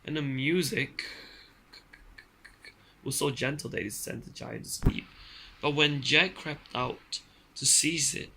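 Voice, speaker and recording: Gravelly dad reading a story aloud. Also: male voice, a little high, takes it slowly, long pauses, background noise. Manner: plain reading with playful asides and slips. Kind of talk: casual bedtime story reading.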